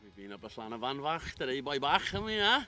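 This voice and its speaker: Brief: man doing a broad, jovial Welsh local, bouncy sing-song pitch, guitar music behind. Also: sing-song, quick pace, bright, forceful tone. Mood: hammy. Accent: put-on thick Welsh. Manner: laughing, hamming it up.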